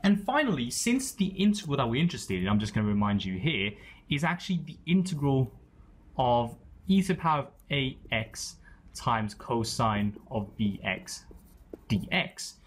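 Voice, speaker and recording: A man's voice: medium pitch, big pitch swings, normal speed, husky. Man walking through a maths problem. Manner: explains step by step, often pointing at terms. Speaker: maths tutor. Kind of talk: explaining maths while writing.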